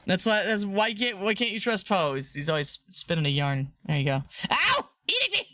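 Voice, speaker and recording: A giggly woman streamer chatting on a live stream, her pitch leaping all over as she rambles. Her voice is bright and clear, recorded close and dry with no room around it. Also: very animated, fairly quick, no room sound. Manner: giggly and rambling, laughs often; playful, bursts into high squeals. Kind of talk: casual livestream chat.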